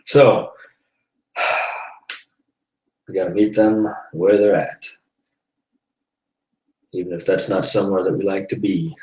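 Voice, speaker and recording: A man's voice: deep voice, steady tone, slow, long pauses, far from the mic. A man hosting a live web broadcast, telling a personal story in a loose, rambling way, often sighing and laughing between thoughts. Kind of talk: casual faith-based monologue. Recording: roomy echo, voice off the mic.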